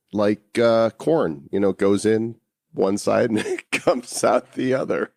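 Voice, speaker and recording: A man with a fairly low voice co-hosts a podcast, chatting casually and cracking puns he laughs at himself. The sound is dry and close, with no room echo. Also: fairly even intonation, slow, vocal fry, a little mellow, faint music behind. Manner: jokey, laughs at his own puns. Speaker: podcast co-host.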